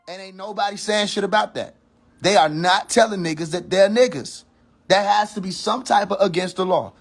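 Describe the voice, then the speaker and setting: Heated man ranting on a livestream. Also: on the high side. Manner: heated, preachy and profane, repeats warnings; thinks aloud with frequent restarts. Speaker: livestream host. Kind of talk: casual rant on a social media livestream.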